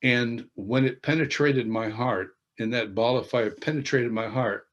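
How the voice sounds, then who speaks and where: Man, interview guest, earnest testimony, halting restarts, middle pitch. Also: fairly even intonation, lo-fi sound. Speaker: interviewed author and worship leader. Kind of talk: personal testimony storytelling.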